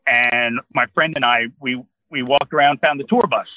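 A man's voice: medium pitch, fairly even intonation, moderate pace, dry recording, dull audio. A man in his sixties from New Jersey, a guest telling a long rambling anecdote in casual conversation. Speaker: interview guest. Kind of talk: casual storytelling.

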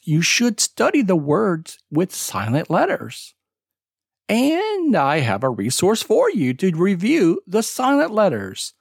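An English pronunciation teacher hosting a podcast lesson, explaining slowly and deliberately with emphatic word stress and spelling out web addresses letter by letter. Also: mid-range voice, no echo, studio quality.

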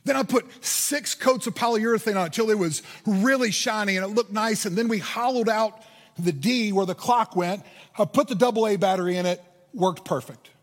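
A man's voice: high-pitched, moderate pace. A man from Indiana preaching a sermon, telling a personal story and building to earnest emphasis. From Indiana, USA. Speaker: pastor. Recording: hall reverb.

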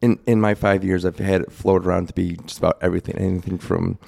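Deep gravelly man in his forties. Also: flat delivery, fast talker, darkish tone. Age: 40s. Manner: plain-spoken, rambling storyteller. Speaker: guest telling his story. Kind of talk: casual chat.

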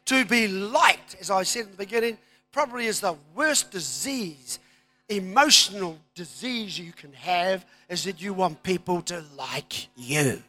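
A man preaching a sermon, moving from quiet asides to loud, emphatic declarations. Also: high-pitched, animated, a little slow. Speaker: pastor.

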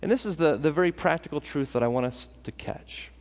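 A man preaching a sermon as pastor, animated and acting out what his listeners think. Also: on the high side, fairly quick. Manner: animated, acts out listeners' thoughts. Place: church sanctuary. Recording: long hall reverb.

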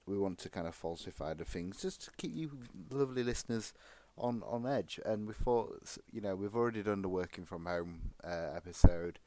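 A man chats casually as a podcast co-host. His voice sits very low and sounds dry and close. He rambles and jokes, restarting his sentences often. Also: fairly quick, warm tone, no room sound. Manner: rambling and jokey, with many restarts. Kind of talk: casual chat.

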